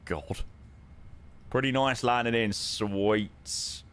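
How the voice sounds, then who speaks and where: A man talks casually to his viewers while streaming. His mid-pitched voice is lively, rising and falling freely, and he fills gaps with ums and a friendly "mate". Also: measured pace, background noise. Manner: chatty, answers viewers with lots of ums and "mate". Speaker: live streamer flying a flight simulator. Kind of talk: casual live-stream chat.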